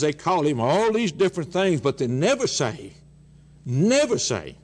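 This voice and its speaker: A man preaching a sermon, emphatic, repeating phrases and dropping low on key words. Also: slight background noise.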